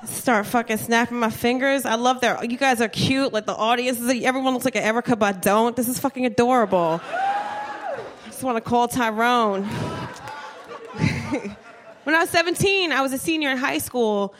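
A woman from New Jersey performing a stand-up comedy set, telling brash, profane, animated stories on a club stage mic. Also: on the high side, moderate pace. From New Jersey, USA.

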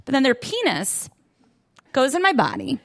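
High, lively young woman doing stand-up. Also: normal speed, some chatter behind. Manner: chatty, self-deprecating, lots of "like". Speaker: stand-up comedian. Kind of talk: stand-up set. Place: comedy club stage with audience. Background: audience laughter.

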